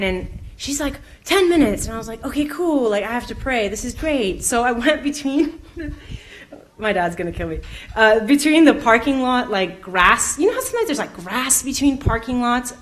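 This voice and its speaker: Animated, giggly young woman storyteller. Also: on the high side, a little hiss or hum. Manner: animated, giggly, lots of "like", acts out the people in her stories. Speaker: youth event speaker. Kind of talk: faith talk told through funny personal stories. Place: indoor community event room.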